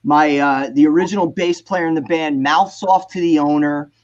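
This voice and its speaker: A man, telling animated, profane stories as a guest on a video call. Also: fairly high pitch, normal speed, lo-fi sound. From New Jersey. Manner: animated, profane storyteller, acts out quotes. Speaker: guest musician. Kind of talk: casual storytelling on a video call panel.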